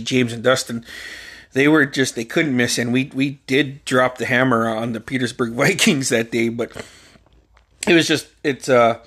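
A man's voice: medium pitch, a bit bright. A man in his forties hosting a podcast, telling a story in a loose, profane, rambling way and laughing along. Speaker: podcast host. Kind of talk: casual storytelling.

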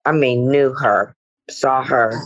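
A woman's voice: very deep voice, steady tone, slow pace, highs cut off. A middle-aged woman, a guest actress, speaking reflectively in a podcast interview with meandering "you know" asides.

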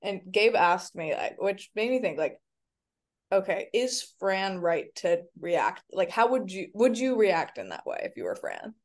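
A woman co-hosting a podcast in casual chat, recapping scenes in an animated way and laughing along. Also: medium pitch, a little slow. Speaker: podcast co-host.

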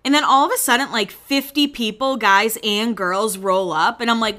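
Bright, chatty woman podcast host. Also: medium pitch, normal speed, few pauses. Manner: gossipy, acts out quoted lines in shifting voices, swears casually. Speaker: podcast host recapping a reality show. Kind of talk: casual chatty recap commentary.

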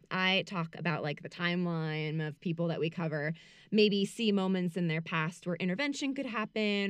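A woman's voice: lowish voice, dry recording. Giggly woman host with a dry sound. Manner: giggly, animated, reads excerpts carefully. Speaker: podcast co-host presenting the case. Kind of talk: casual chat and reading aloud.

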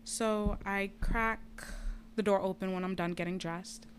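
A woman's voice: mid-range voice, a little slow, a little hiss or hum. A woman telling a personal story in casual chat, candid and profane. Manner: candid, profane, lively retelling.

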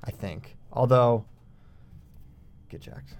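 A man co-hosting a casual sports talk show, chatty and quick to apologize. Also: mid-range voice, smooth. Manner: chatty, self-deprecating. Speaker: co-host.

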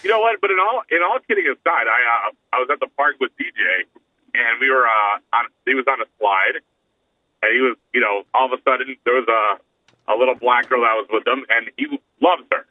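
A man's voice: mid-range voice, fairly quick, dry recording. Man rambling over a tinny phone line. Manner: rambling, self-interrupting. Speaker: podcast co-host. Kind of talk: casual comedy banter.

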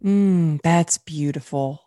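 A woman's voice: sits low, slow, warm tone. A woman hosting a podcast interview in a casual, effusive way, full of praise for her guest. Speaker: podcast host.

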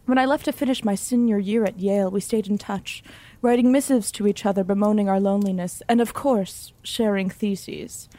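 Woman narrator, mid-range voice, deadpan mock-romance storytelling. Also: mid-range voice, moderate pace. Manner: deadpan, overwrought romance-novel delivery.

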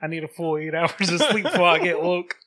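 A man's voice: a little high, a little fast. A man co-hosting a podcast, cracking dry jokes in casual chat. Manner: wisecracking, deadpan jokes. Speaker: podcast co-host.

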